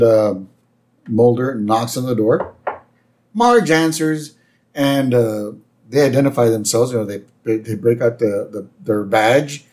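A man co-hosting a casual podcast, narrating scenes calmly with everyday fillers. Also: medium pitch. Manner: relaxed storyteller, narrates scenes step by step with fillers. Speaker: podcast co-host. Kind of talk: casual chat recapping a TV episode.

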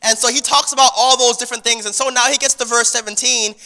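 A man's voice: very high voice, fairly even intonation, fast talker, creaky, bright, forceful tone, in a large hall. A man preaching a sermon to his congregation in a conversational style, repeating words and restarting phrases as he goes. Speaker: pastor. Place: church sanctuary.

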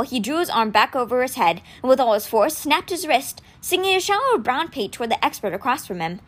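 Brief: a woman reading a novel aloud, expressive storytelling with a lively and slightly high pitch. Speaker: audiobook reader.

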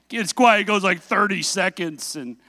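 A man preaching a sermon, telling a self-mocking story with animated delivery and asking the congregation questions. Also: high voice, no room sound.

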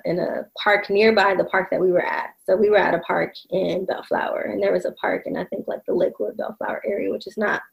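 A woman's voice: lowish voice, creaky, low-quality recording. A woman telling a personal story in casual conversation, reflective, with many fillers and restarts.

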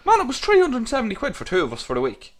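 A man's voice: very high voice, huge pitch swings, very fast. A man co-hosting a podcast, telling rambling, sweary stories in casual chat. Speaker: podcast co-host.

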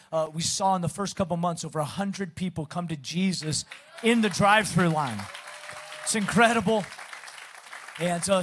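A middle-aged man with a slight Southern accent, a guest pastor opening a sermon in an energetic, chatty way with self-deprecating humor. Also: high voice. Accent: Southern American, Texas. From Pacific Northwest of the US. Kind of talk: sermon introduction.

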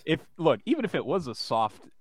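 A man co-hosting a casual podcast, cutting in with teasing jokes. His pitch swings lively up and down, and his voice sounds close and dry, with no room sound. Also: a little fast, breathy edge, dry recording. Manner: teasing, joking interjections. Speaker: podcast co-host. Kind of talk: casual chat.

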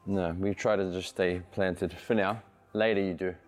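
A man's voice: low-pitched, fairly even intonation, moderate pace. A man teaching a martial arts class, patiently coaching technique and repeating cues in rhythm.

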